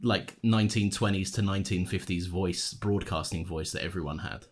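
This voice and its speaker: A man's voice: deep voice, normal speed. A young British man co-hosting a podcast, recapping an episode in a joking, playfully defensive, mock-dramatic way. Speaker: podcast co-host. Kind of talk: casual chat.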